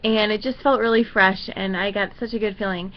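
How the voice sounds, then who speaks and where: A woman's voice: medium pitch, fairly even intonation, brisk, dull audio. A young woman vlogging to camera in a casual, rambling way, telling a personal story with many fillers.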